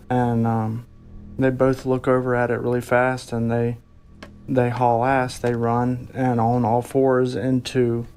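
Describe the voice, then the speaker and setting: A man telling a frightening personal experience in a halting way, often restarting his sentences. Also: mid-range voice, a little mellow. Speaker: eyewitness telling his story. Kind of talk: personal storytelling.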